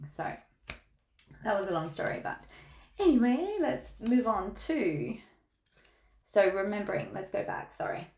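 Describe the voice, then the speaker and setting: Slow, gravelly-voiced Australian woman. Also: mid-range voice, very animated, a little mellow. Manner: candid, chatty storytelling with laughs. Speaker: tarot reader. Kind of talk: casual tarot podcast chat. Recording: echoey room.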